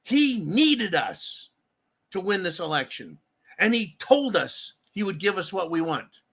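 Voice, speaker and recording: Male commentator, high bright voice, profane and heated, sarcastic rant delivery. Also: very animated, unhurried, husky. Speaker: political commentator. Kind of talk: angry political rant.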